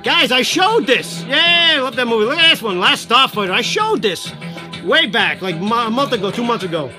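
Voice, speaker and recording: A man chatting loudly and rambling to live-stream viewers as he shows off collectibles for sale. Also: very high-pitched, expressive, moderate pace. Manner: loud, rambling, talks to viewers while showing items. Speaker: livestream seller of collectibles. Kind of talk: casual live-stream chat. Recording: music playing behind. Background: background music.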